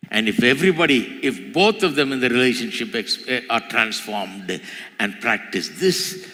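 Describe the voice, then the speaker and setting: A man preaching a sermon as pastor, his voice climbing in pitch and volume as he repeats phrases for emphasis. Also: pushed and bright. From India. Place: large church hall. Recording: church hall with long reverb.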